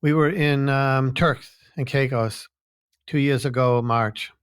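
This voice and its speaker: A man's voice: mid-range voice, steady tone, slow, smooth. A man, chatting easily and telling anecdotes on a business podcast. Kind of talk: casual storytelling chat.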